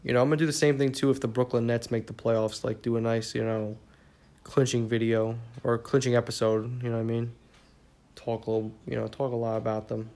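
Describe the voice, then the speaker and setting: A young man from the New York area talks alone on his podcast in a tired, mid-pitched voice. His delivery stays flat and monotone while he rambles, swears freely and leans on fillers. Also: a little fast. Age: young adult. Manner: rambling, profane, many fillers. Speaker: podcast host. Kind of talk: casual solo podcast monologue.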